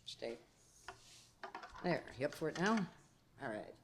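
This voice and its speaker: Speaking a little slowly in a low voice with big pitch swings, a female folk singer chats between numbers at a convention concert room. She introduces her songs with self-mocking humor and laughter while someone strums and tunes a guitar behind her.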